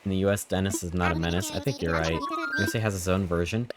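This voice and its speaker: A man's voice: low-pitched, fairly even intonation, fast talker. Jokey male game streamer. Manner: playful and jokey, chatting with chat. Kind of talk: casual gameplay commentary. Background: game music.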